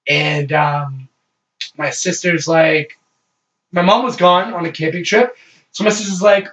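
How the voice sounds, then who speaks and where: Young canadian guy telling a rowdy story, high voice, sounds far off and muffled. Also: measured pace, pauses often. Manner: animated, swearing storytelling. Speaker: storyteller in a group chat. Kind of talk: casual chat. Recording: distant muffled mic.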